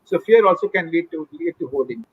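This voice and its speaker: Husky high-voiced Indian man explaining. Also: lively intonation, a little fast, no echo, phone-quality sound. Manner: earnest, lecturing, mixes Hindi phrases into English. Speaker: mental health expert guest. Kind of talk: explanatory expert talk in a live Q&A.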